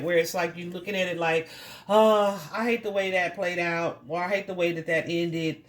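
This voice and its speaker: Woman doing a tarot reading, chatty, reassuring, lots of um and like. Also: medium pitch. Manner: chatty, reassuring, many fillers and restarts. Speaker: tarot reader. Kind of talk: casual tarot reading to viewers.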